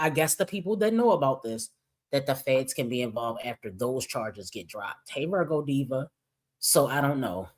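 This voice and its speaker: A woman's voice: sits low, darkish tone. A woman giving reaction commentary on a livestream, blunt and exasperated, swearing freely as she talks to her chat. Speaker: commentary streamer.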